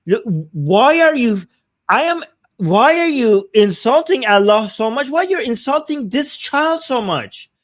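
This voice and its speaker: A man's voice: very high-pitched, expressive, a little slow. A man hosting a debate show, reacting to a clip with angry, indignant commentary and repeating himself. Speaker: host.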